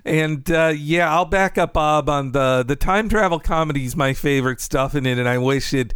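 Male podcast co-host, slightly high and smooth, dry close mic, casual and amused. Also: normal speed, a bit bright, no room sound. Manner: laughs while recounting jokes. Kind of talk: casual chat.

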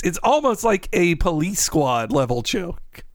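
A man's voice: high voice, lively intonation, unhurried, dry recording, studio quality. A man chatting casually on a podcast about a film, laughing as he recounts favorite jokes. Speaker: podcast co-host. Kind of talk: casual chat.

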